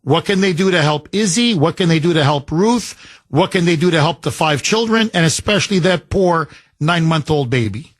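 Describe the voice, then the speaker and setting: A man's voice: on the high side, expressive, normal speed, no echo. A man hosting a talk radio show, emphatic and effusive as he takes callers. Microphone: studio microphone.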